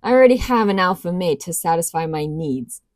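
A woman's voice: lowish voice, expressive, brisk, dry recording, studio quality, close to an everyday voice. A woman voicing a defiant young woman rebel who taunts coolly. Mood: taunting. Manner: cool, taunting.

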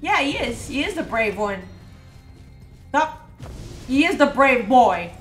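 A giggly woman chatting through a gaming livestream, her high, bright voice leaping up and down as she teases and cheers. She sounds like she is in an echoey room with game music underneath. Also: sing-song, slow. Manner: giggly, teasing, bursts into laughter. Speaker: co-streamer, host. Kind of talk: casual gaming livestream chat.

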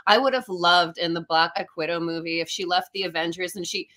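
A woman's voice: on the low side, steady tone, brisk, bright, forceful tone. A woman talking bluntly in a casual podcast chat, swearing freely as she criticizes studios. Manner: blunt, profane.

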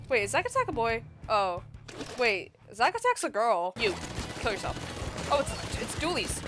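Girl gamer w a high voice, hyper and yelling fake threats, loud game music underneath. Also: normal speed. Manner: excitable, playful mock-angry outbursts. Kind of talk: gameplay commentary.

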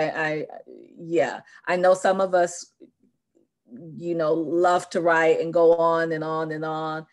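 A woman's voice: deep voice, little pitch movement, measured pace, a little mellow. A woman presenting in a webinar, explaining an application process thoughtfully and with many fillers.

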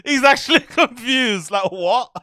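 Mocking male reaction host, high and lively voice, dry close sound. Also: moderate pace, no room sound. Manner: mocking, swears freely, laughs often. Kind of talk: casual reaction commentary.

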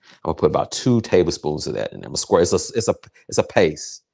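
A man hosting a casual cooking livestream, excitable and crude, joking and chatting straight to his viewers. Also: a bass voice, quick pace, vocal fry, breathy edge. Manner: excitable, crude, jokey, chats directly to viewers. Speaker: home cook hosting a cooking show.

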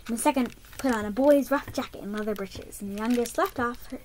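A young woman reading a picture book aloud, with animated, expressive storytelling. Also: on the high side, fairly quick, a little hiss or hum, rough recording.

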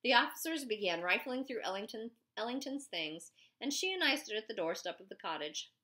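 A woman narrating a first-person story as an audiobook, with lively storytelling. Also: on the high side, fairly quick.

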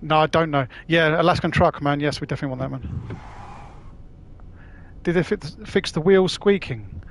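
Live-streaming a game, this London man with a Cockney accent talks casually and matily to his viewers, swearing freely. His voice is a little high and moves at a moderate pace.

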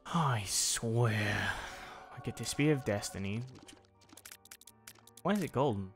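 A man's voice: on the low side, lively intonation, slow pace. A young man giving casual commentary while he plays a video game, chatting and talking to the enemies on screen. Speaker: gaming video creator. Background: faint game music.

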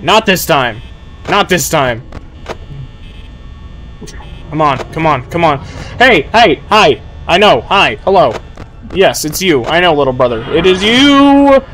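High-voiced nervous young man streaming. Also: expressive, unhurried, pauses often, soft background music, rough recording. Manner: nervous rambling, swinging to loud yelling. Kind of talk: live gameplay commentary.

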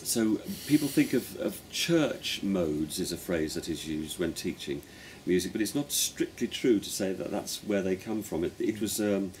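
A man with a low voice talks through musical ideas in a relaxed chat, choosing his words thoughtfully and building each point step by step. He speaks as a folk pipe player with his bandmate. A faint hiss sits under the recording. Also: normal speed, few pauses. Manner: thoughtful, explanatory, talks in careful steps. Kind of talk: casual conversation about music.

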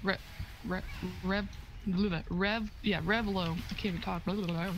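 A woman's voice: medium pitch, fairly even intonation, moderate pace, background noise. A woman live streamer chatting while she plays, stumbling over words and swearing when flustered, cold in her room. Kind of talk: casual chat while gaming.

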